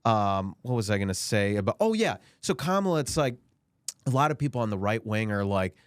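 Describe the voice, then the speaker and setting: A man co-hosting a podcast, delivering sarcastic political banter in a mock-outraged tone that swings into high mocking voices. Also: very animated, brisk, clean tone, no room sound, studio quality. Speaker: podcast co-host.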